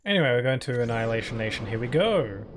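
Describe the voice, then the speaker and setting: A man's voice: medium pitch, big pitch swings, fast talker, slight background noise. A young man giving casual, rambling commentary while playing a game on stream, talking into a desk microphone. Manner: rambling, easygoing, many fillers. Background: game music.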